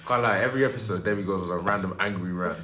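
A young man with an English accent chats in a relaxed, joking way, dropping slang and laughing between points. His voice sits fairly low, and the room around him has a noticeable echo. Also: racing. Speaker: podcast co-host. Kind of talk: casual group chat. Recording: echoey room.

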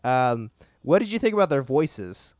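A man's voice: medium pitch, very animated, moderate pace, no echo, studio quality. Joking man in casual podcast chat. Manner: playful, joking, frequent laughs. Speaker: podcast co-host.

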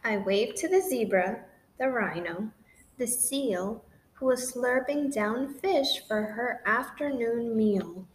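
Woman, sing-song rhyming narration, slightly high voice, slow and deliberate. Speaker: storybook reader. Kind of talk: read-aloud picture book narration. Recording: roomy echo with faint noise.

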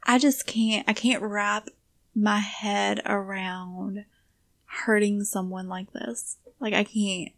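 A woman's voice: mid-range voice, little pitch movement, slow. A woman co-hosting a podcast, reacting to a true crime story with strong feeling and some swearing. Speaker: podcast co-host. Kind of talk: casual chat.

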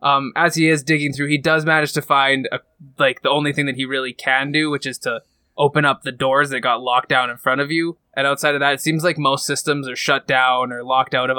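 A man's voice: medium pitch, level tone, brisk, bright, forceful tone, clean tone, no room sound. A man narrating a tabletop roleplaying game as game master, casual and full of fillers.

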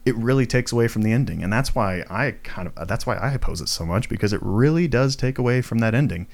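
A man's voice: mid-range voice, animated, fast talker, creaky, a little mellow. A young man hosting his own podcast, ranting casually, swearing freely and filling his talk with fillers and self-mocking asides. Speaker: podcast host. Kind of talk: casual solo podcast rant. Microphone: home recording setup, tripod for video.

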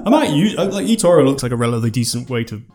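A man's voice: mid-range voice, big pitch swings, rapid-fire, crowd noise. Laughing man ranting in casual podcast chat. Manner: laughs often, joking rants. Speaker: podcast co-host.

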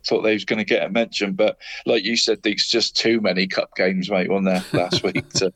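A man's voice: lowish voice, steady tone, moderate pace, a bit bright. A man co-hosting a casual football chat, rambling through results and tagging nearly every phrase with "mate". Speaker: co-host giving local football results.

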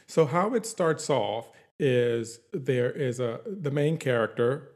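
A man's voice: mid-range voice, lively intonation, slow, darkish tone. A man chatting casually, recapping a TV series in a rambling, easygoing way with many fillers. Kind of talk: casual chat.

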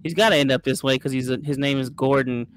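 A man's voice: medium pitch, steady tone, quick pace, a little hiss or hum, poor audio. A man playing a role-play game with friends, thinking aloud in a casual chat. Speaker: player.

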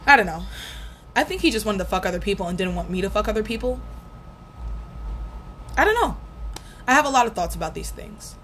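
A woman's voice: mid-range voice, big pitch swings, fairly quick, long pauses, a bit bright. A young woman in her twenties, candidly recounting a painful first breakup in a casual, profane storytelling way. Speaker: vlogger. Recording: faint background noise.

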